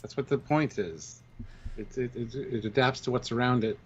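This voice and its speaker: A man's voice: medium pitch, moderate pace, breathy edge. A man co-hosting a live review stream, reading out donations in an upbeat way and explaining points. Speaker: co-host reading super chats. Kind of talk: casual live-stream discussion. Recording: slightly dull lo-fi audio.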